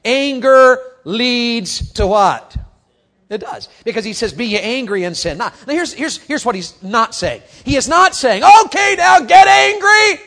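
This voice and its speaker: High-voiced guy preaching, swoops up and down a lot, pounds questions at the kids. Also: measured pace. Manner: animated, calls out questions to the crowd; swings from quiet to shouting. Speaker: youth preacher. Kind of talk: sermon.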